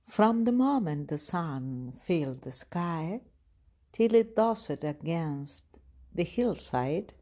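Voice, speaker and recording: A woman hosting a podcast, reading a children's story aloud in an expressive, sing-song storytelling manner. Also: fairly low pitch.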